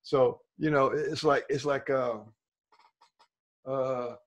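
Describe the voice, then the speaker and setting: A man's voice: medium pitch, steady tone, takes it slowly. Man explaining ideas to a group. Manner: explanatory, checks in with listeners often. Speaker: workshop speaker. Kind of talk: group discussion talk.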